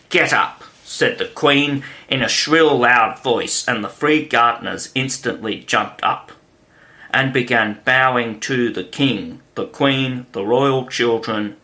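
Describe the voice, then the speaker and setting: A man reading a classic children's story aloud as an audiobook narrator, in a measured, clear manner. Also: mid-range voice, fairly bright tone.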